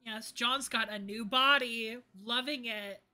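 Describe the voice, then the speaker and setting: A woman streamer giving loud, joking let's-play commentary, reacting to the story and mimicking the characters. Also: a little high, fairly even intonation, a little slow. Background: lo-fi background music.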